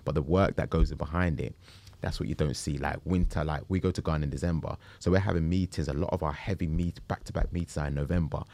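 A man, telling a story in a casual interview, animated and slangy. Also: extremely low pitch, fast talker, gravelly, no echo. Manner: animated, slangy, acts out quotes. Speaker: travel group founder.

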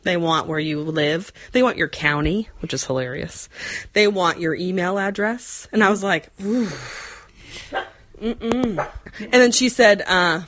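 This forties-aged woman has a lowish, somewhat bright voice and speaks at a moderate pace. She tells a chatty, meandering story, peppered with fillers and punctuated by regular laughs.

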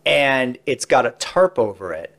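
A man telling a story in a casual podcast chat. He talks conversationally with frequent fillers and grows animated and excited over the exciting parts. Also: medium pitch, unhurried. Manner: animated, rising excitedly when describing amazing moments.

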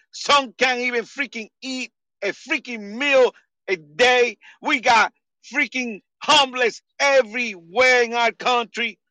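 A man's voice: very high-pitched, pushed and bright, no room sound, rough recording. A man in his forties, an army veteran, ranting angrily on a call-in talk show and swearing constantly through a headset mic. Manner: furious, swears constantly, repeats freaking. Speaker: caller on a political talk show. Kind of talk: angry political rant. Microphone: headphones with mic.

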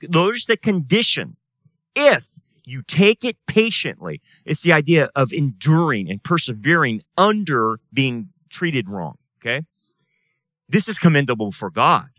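A man preaching a sermon as pastor, impassioned, swinging from loud bursts to hushed asides. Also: medium pitch, dry recording, studio quality. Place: church.

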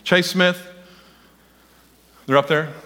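An excitable male pastor with a high, bright voice delivers a sermon to his congregation. He calls on people in the pews and keeps getting carried away. The sound rings with the long reverb of a church hall. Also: takes it slowly. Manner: excitable, talks directly to the congregation. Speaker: senior pastor. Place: church sanctuary.

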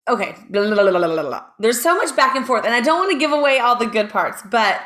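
A woman with a slightly high, expressive, fairly bright voice talks fast, co-hosting a podcast where she casually tells a true crime story. She's chatty, full of ums and asides, and reads from notes in this relaxed conversation.

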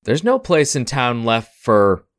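A man narrating a tabletop role-playing game as game master, in a relaxed, wry way. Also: medium pitch, a little slow, dry recording, studio quality.

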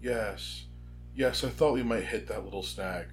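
A man reading aloud and voicing a gentle, dryly polite old male headmaster. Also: fairly low pitch, measured pace, a little hiss or hum, lightly acted.

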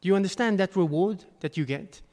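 A man's voice: high voice, fairly quick, dark tone. A man preaching a sermon as a pastor, earnest, with emphatic bursts. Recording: long hall reverb.

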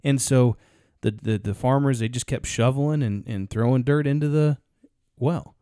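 A man co-hosting a podcast tells a story in casual, rambling talk, restarting often. His mid-range voice is warm and moves at a normal speed, in a dry, studio-quality recording.

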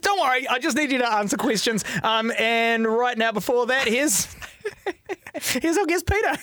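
A woman with a New Zealand accent, co-hosting a podcast in a bubbly, excitable chat. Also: fairly high pitch, moderate pace. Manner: bubbly, excitable, laughs often. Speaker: podcast co-host. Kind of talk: casual chat.

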